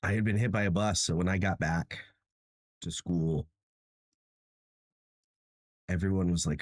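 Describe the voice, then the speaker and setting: A man's voice: deep voice, fairly even intonation, measured pace, long pauses, no echo, studio quality. A tired young man hosting a livestream, chatting casually with viewers in a self-mocking way and laughing often. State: tired and achy. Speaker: livestream host.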